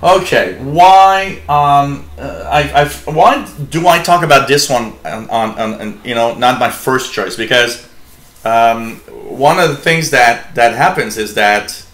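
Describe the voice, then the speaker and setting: A man with as his hosts a live hobby radio stream, talking slowly and loosely, full of ums and restarts. His voice sits at a middle pitch and rings in a roomy, echoey space. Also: animated, a bit bright. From Canada. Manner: rambling, many fillers and restarts. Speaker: shortwave radio show host. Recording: echoey room.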